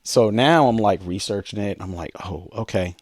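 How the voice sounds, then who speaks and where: Speaking at normal speed on the low side, this male podcast co-host recounts a personal story earnestly and frankly, replaying old dialogue. The sound is dry and studio-clean.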